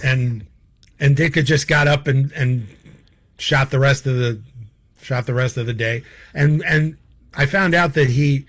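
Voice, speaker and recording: A man's voice: mid-range voice, measured pace, long pauses, a bit bright. A man telling stories as a guest in a casual chat, rambling with many fillers and laughing as he goes. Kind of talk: casual anecdotal storytelling.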